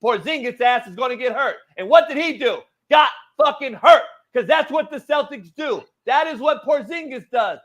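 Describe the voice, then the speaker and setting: A man hosting a sports talk show, arguing loudly and profanely and goading his co-host. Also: very high-pitched, expressive, normal speed, hardly any pauses. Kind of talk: heated sports debate.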